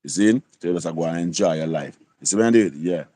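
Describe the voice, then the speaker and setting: Speaking fast in a low, dark-toned voice, a livestream host in his sixties with a Jamaican accent talks casually, peppering his speech with "you see?" and "you copy?".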